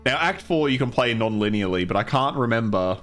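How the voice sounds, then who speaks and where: A man's voice: mid-range voice, animated, a little fast, a bit bright, faint music behind. A man streaming a game casually, chatting with viewers and swearing now and then. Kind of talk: casual gameplay livestream.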